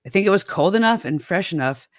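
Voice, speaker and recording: A woman's voice: lowish voice, animated, fast talker, no echo, studio quality. A middle-aged woman from the American Midwest, chatting casually as a host, rambling and self-deprecating with many restarts. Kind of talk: casual chat.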